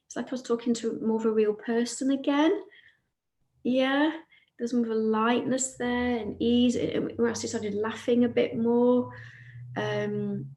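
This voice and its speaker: Earnest woman in an echoey room. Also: fairly high pitch. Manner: warm, earnest retelling of a client session, quoting her softly. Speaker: podcast co-host. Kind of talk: casual storytelling chat.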